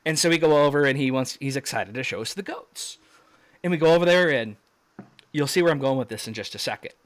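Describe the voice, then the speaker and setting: A man guest on a video call telling a story in a casual interview, acting out quoted shouts with sudden jumps up in pitch. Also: lively intonation, fast, no room sound.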